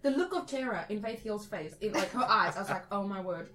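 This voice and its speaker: A woman's voice: mid-range voice, animated, a little fast, fairly bright tone, rough recording. Chatty young woman telling a story. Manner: chatty storytelling with quoted voices. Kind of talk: casual chat.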